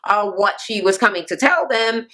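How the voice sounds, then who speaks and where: Lady vlogger recapping reality tv, animated, cussing, lots of um and uh. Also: medium pitch, moderate pace. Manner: animated, profane, jumps into quoting people; loose and chatty with many ums and uhs. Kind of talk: casual recap commentary.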